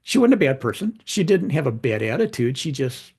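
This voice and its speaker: A middle-aged man, a podcast guest and author, talking in a relaxed, conversational way and acting out the voices in his anecdotes. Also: mid-range voice, brisk, husky. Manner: animated anecdotes, acts out quoted dialogue. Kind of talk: conversational storytelling.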